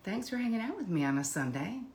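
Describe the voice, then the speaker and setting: A woman's voice: medium pitch, sing-song, fast, a little mellow. A woman hosting a live stream, chatting casually and greeting viewers by name before talking about relationships. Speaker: livestream host.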